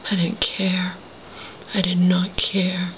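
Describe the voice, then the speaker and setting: Woman, hushed whisper, bitter and profane, dull lo-fi recording, faint background hiss. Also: fairly low pitch, completely flat delivery, slow pace. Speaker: vlogger. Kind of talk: whispered personal monologue.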